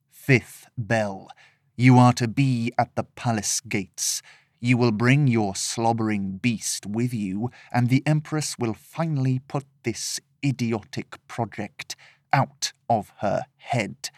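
A man doing a cold, calm swordsman villain. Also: medium pitch, slow pace, no room sound, studio quality, close to an everyday voice. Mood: coldly threatening. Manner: calm and clipped with quiet menace.

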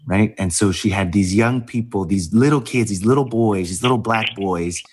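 Guy choking up a bit, talks slow and halting with lots of ums, lowish voice. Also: breathy edge. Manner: halting, many pauses and fillers, fighting back tears. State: emotional, close to tears. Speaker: interview guest. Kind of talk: emotional personal storytelling.

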